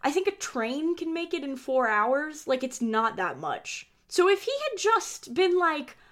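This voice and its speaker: A woman co-hosting a podcast, chatting casually about a movie with quick agreement and joking asides. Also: high voice, very animated. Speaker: podcast co-host.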